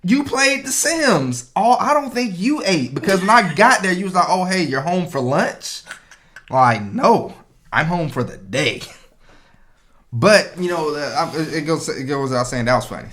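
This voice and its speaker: A man, co-hosting a casual podcast and telling stories, acting out what others said. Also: mid-range voice. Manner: animated storyteller, acts out quotes. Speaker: podcast co-host. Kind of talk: casual chat.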